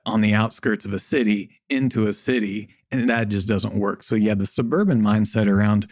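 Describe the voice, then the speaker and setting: A man's voice: on the low side, moderate pace, a little mellow, no echo, studio quality. A man as a podcast guest, talking bluntly and jokily and swearing casually. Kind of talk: casual interview chat.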